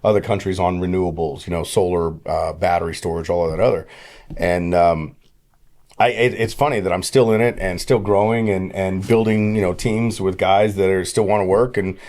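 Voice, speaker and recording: A man's voice: low voice, normal speed. A middle-aged man, a podcast guest, telling long casual stories and acting out quoted conversations. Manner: rambling, animated storyteller who acts out quoted dialogue. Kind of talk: casual storytelling.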